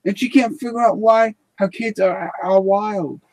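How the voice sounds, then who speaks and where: A man's voice: sits high, steady tone, unhurried, dry recording. A man hosting a live stream in casual chat, blunt and rambling, swearing freely.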